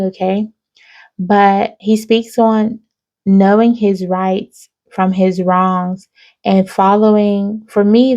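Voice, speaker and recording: A woman talks viewers through an intuitive spiritual reading in a mellow, warm voice. Her pitch stays level and even. She keeps checking in with "okay?" as she reels off numbers and signs. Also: muffled recording. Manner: frequent "okay?" tag questions, reeling off numbers. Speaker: spiritual reader.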